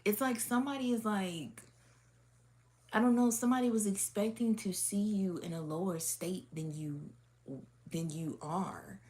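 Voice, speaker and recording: A woman's voice: mid-range voice, steady tone, unhurried, dark tone. A woman giving a casual, unscripted spiritual reading straight to her viewers. She is blunt and swears a lot, laughing often between rambling, filler-heavy sentences.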